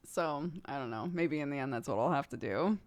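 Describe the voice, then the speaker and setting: A woman's voice: extremely low pitch, animated, brisk. A woman in her thirties, a streamer chatting casually with her viewers, rambling and laughing often. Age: 30s.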